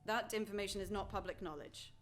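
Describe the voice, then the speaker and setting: A woman running a live tabletop game as game master, briskly steering the players. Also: medium pitch, slight background noise. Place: live theatre stage.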